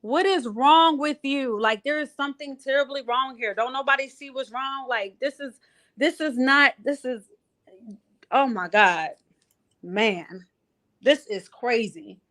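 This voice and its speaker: A woman's voice: high voice, measured pace, bright, forceful tone. An exasperated woman, ranting in a heated casual chat and repeating herself.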